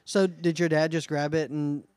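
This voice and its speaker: Young man, slightly high voice, podcast co-host, dry close sound. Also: normal speed, smooth, dry recording. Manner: lively storyteller, acts out quotes. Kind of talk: casual chat.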